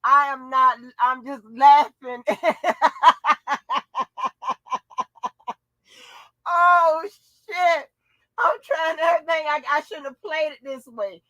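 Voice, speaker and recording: A woman's voice: sits high, fairly even intonation, normal speed, few pauses, bright, forceful tone, no echo, poor audio. A woman hosting a casual reaction chat, giggly, exasperated and profane. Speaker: channel host.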